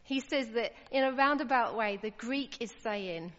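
A woman's voice: fairly high pitch, expressive, moderate pace, a bit bright. A woman preaching a sermon, earnest and emphatic, her voice rising when she stresses a point. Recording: lo-fi with long hall reverb.

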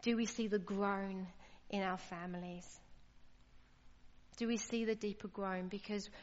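A woman's voice: mid-range voice, fairly even intonation, measured pace, a little mellow, highs cut off. Earnest woman preaching in a reverberant hall. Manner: earnest, emphatic, rising to exclaim. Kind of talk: sermon.

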